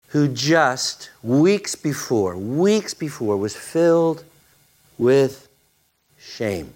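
A man's voice: medium pitch, big pitch swings, drawn-out words, darkish tone. A male pastor preaching a sermon, dramatic and repeating phrases for emphasis.

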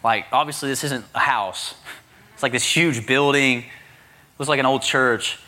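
A male pastor preaching a sermon, telling a personal story in an animated way and acting out the dialogue himself. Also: medium pitch, a little slow. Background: congregation responding.

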